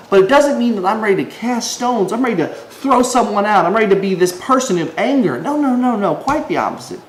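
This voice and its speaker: A man giving a casual devotional video talk as an online preacher. He rambles in a conversational way, restarts often and acts out quoted voices. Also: high voice. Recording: echoey room with faint ambient noise.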